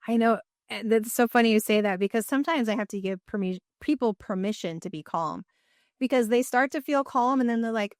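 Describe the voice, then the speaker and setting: A middle-aged woman with a smooth, resonant voice talks as a guest on a podcast. She explains eagerly, running through lists at a brisk clip, and the recording is dry and close. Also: fairly high pitch, no room sound. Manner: enthusiastic, explains in quick lists. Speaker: guest, nutrition therapy practitioner. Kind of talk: podcast interview.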